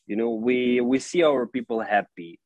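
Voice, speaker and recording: A man, an English speaker, answering interview questions in an earnest, halting way with frequent "you know" fillers. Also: mid-range voice, no echo, phone-quality sound. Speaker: football club director, guest.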